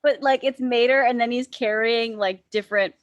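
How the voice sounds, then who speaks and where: Giggly woman pitching ideas. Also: steady tone, normal speed, no echo, highs cut off. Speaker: podcast panelist. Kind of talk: casual chat.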